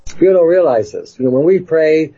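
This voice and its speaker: Male host, husky and mellow, folksy chat, muffled audio. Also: on the high side, lively intonation, fairly quick. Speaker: show host. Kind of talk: casual chat.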